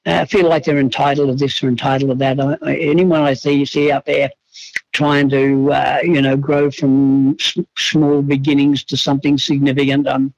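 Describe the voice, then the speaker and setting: Halting horseman, slightly muffled. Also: mid-range voice, creaky, no echo. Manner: halting, many restarts and fillers. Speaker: horse trainer guest. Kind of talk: reflective interview talk.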